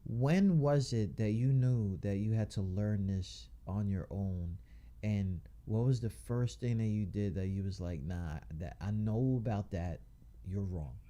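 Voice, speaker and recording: A man's voice: fairly low pitch, unhurried, warm tone. A man hosting a casual radio interview, talking loosely with slang, frequent laughs and restarted sentences. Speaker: radio show host.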